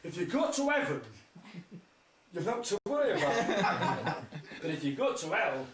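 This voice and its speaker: A man voicing a calm, reasoning old talking cat. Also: sits high, measured pace, distant mic, a loud crowd, pitched above the performer's own voice. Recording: roomy hall, mic from afar, faint noise.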